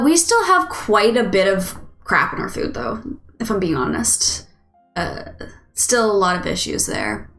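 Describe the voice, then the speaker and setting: A woman's voice: fairly high pitch, fairly bright tone, echoey room. A woman host chatting casually with viewers on a live stream, rambling and giggly. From United States.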